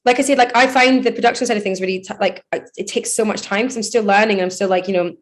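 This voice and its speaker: A woman's voice: medium pitch, quick pace. Chatty woman DJ talking about her music. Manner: chatty, rambling, laughs often, many "like" fillers. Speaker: DJ and producer, interview guest. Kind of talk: casual interview chat.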